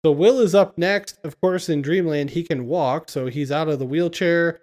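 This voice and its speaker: A man's voice: fairly high pitch, normal speed, a little mellow. A man casually recapping a film scene by scene on a podcast, laughing often as he retells it. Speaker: podcast co-host.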